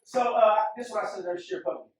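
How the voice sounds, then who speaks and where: A man telling a personal story in a candid barbershop conversation, swinging from hushed to loud. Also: high voice, fast talker, crowd noise. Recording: echoey room, mic far off.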